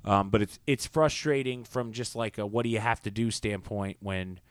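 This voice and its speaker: A man's voice: lowish voice, smooth, no room sound. Opinionated man on a sports podcast. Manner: opinionated, rambling, quick asides. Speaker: podcast co-host. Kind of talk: casual sports podcast chat.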